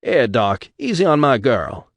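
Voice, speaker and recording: A blunt, plain-spoken working husband, as a man reads him, protective of his wife and easygoing in manner. His voice sits fairly low and dry in a storybook reading. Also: expressive, normal speed, no room sound.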